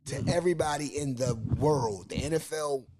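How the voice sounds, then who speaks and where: A man with a Baltimore accent hosting a casual sports podcast, talking in animated bursts, repeating himself and restarting his sentences. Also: a little high, normal speed, background noise. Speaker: podcast host.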